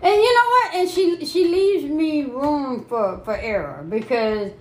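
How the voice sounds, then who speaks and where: A woman in a casual chat, talking in halting starts with many fillers. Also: high-pitched, animated. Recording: echoey room, faint background noise.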